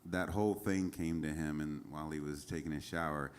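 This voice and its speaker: Very deep-voiced man telling stories onstage. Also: steady tone, clean tone. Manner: rambling, halting, with frequent fillers and chuckles. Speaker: singer-songwriter telling stories between songs. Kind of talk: casual onstage storytelling. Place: small concert venue stage.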